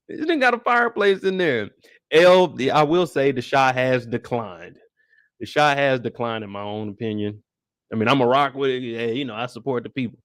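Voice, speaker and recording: A young man giving a casual live recap of a TV episode, talking in animated, slangy, profane banter. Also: mid-range voice, moderate pace, dry recording, studio quality. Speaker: show recap host.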